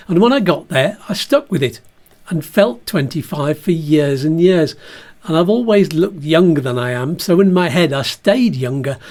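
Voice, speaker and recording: A man's voice: a little high, a little mellow. Man, 60s, wry, self-mocking, chatty podcast monologue. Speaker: video diarist. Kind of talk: comic personal podcast monologue.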